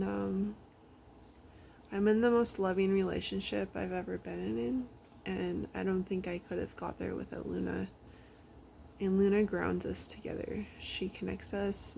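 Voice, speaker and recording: A woman talking casually about her dog at home, rambling with many fillers and now and then dropping to a soft whisper. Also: mid-range voice, vocal fry, slight background noise. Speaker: vlogger. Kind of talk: casual personal storytelling.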